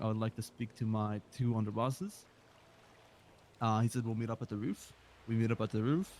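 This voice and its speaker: A man in a game roleplay, hoarse today, telling a rambling, aggrieved story of events. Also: medium pitch, darkish tone, slight background noise. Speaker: roleplay gamer.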